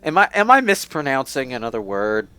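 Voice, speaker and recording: A man's voice: medium pitch, sing-song, a little fast, bright, forceful tone, clear, resonant tone. A man giving casual gaming commentary over a playthrough, rambling with many fillers and restarts. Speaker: let's play commentator.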